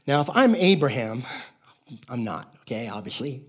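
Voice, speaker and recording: A man's voice: mid-range voice, sing-song, normal speed. A man in his fifties, a pastor preaching a sermon, talking in a casual storytelling way and calling out to the congregation. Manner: storytelling, conversational, calls out to the congregation; acts out characters in quoted voices.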